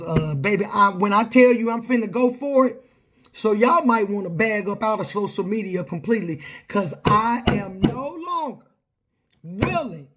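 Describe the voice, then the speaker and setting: A woman's voice: mid-range voice, a little hiss or hum. A middle-aged woman, speaking straight to camera in an emphatic, confrontational rant full of repeated lines. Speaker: vlogger.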